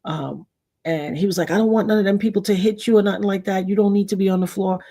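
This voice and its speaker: A middle-aged woman from New York hosting a casual livestream, telling personal stories in an animated way, acting out quotes and thanking her chat. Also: mid-range voice, quick pace. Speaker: livestream host.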